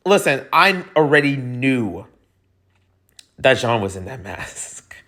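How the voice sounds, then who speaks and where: Excitable, rambling young man. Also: mid-range voice, slow pace. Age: 20s. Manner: rambling and excitable, repeats himself. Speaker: show review vlogger. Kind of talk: casual review vlog.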